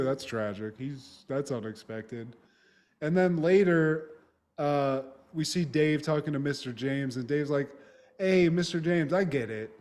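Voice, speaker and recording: A male podcast co-host with a slightly high voice talks through old TV episodes in loose, casual chat. He swears freely and laughs his way through the story. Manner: profane, animated recapping with frequent laughter.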